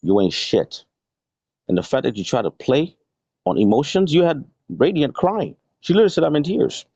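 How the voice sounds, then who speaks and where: A man's voice: mid-range voice, sing-song, moderate pace, mellow, slightly rough, no echo. A man hosting a live stream, scolding someone in an aggressive, profane, confrontational rant. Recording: dull lo-fi stream audio.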